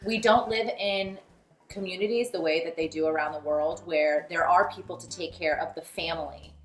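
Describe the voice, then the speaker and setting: A woman's voice: lowish voice, fairly even intonation, normal speed, soft background music. A woman hosting a podcast interview, speaking in a supportive, reflective way. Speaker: podcast host. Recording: echoey room.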